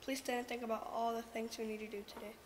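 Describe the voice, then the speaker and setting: A young female student co-hosting morning school announcements, soft-spoken and a bit tentative. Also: on the high side, level tone, fast. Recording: reverberant room with faint noise.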